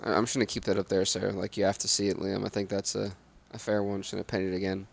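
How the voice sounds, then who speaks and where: Gravelly man calling a video game match. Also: on the low side, rapid-fire, few pauses. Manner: excitable play-by-play that drops to mumbled asides. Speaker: gaming channel host. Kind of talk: solo video game commentary.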